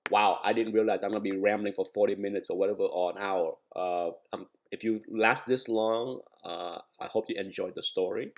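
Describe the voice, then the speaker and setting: A man's voice: on the low side, fairly even intonation, fairly quick, hardly any pauses. Rambling, emphatic man talking markets. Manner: rambling, emphatic, repeats words for stress. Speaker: trading educator. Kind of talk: casual market commentary over charts.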